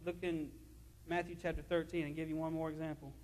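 A man's voice: fairly high pitch, little pitch movement, fast talker, a little mellow. A male pastor preaching a fervent sermon in a church, repeating his phrases and reading scripture aloud. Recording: long hall reverb.

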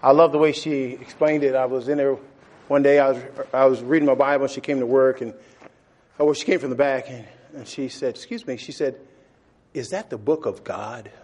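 A man preaching a sermon, animated, laughing often and repeating phrases for emphasis. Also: mid-range voice, brisk.

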